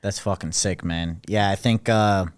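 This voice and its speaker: A man's voice: low voice, fairly even intonation, measured pace, clean tone. A man hosting a podcast, who chats in a laid-back, affirming way and swears casually. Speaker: podcast host. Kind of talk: casual interview chat.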